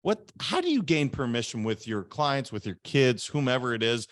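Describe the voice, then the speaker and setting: A podcast host conducts a conversational interview, speaking earnestly and repeating words as he thinks aloud. His mid-range voice is very animated at a moderate pace, recorded with clean studio sound and no echo.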